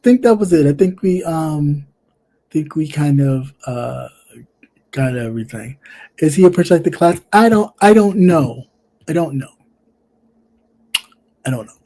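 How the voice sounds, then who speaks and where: A livestream commentary host talking casually and bluntly to a viewer, repeating phrases and trailing off into soft fillers. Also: medium pitch. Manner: sassy and blunt, addressing a viewer directly. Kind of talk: casual live-stream commentary.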